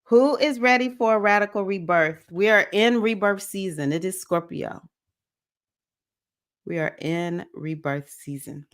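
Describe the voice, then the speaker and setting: A woman, hosting a spiritual livestream circle, chatting with viewers and breaking into sudden high whoops. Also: unhurried, smooth. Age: 50s.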